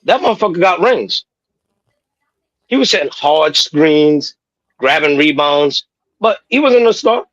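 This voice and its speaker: A man talks sports in loose, profane banter. His voice is fairly high and husky, and his pitch swings widely as he gets fired up. The sound is close and dry. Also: measured pace, pauses often, no room sound, highs cut off. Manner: profane, animated, repeats "know what I mean". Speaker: podcast co-host. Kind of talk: casual sports talk.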